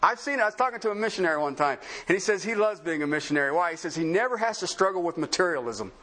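Lively high-voiced male preacher. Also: very fast. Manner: conversational, sarcastic, pulpit preaching with rhetorical questions. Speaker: pastor. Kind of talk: sermon.

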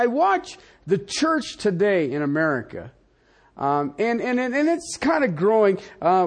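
Animated older male preacher. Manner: animated preaching with wide swings in pitch and loudness, asides to the audience. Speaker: pastor. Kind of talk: sermon.

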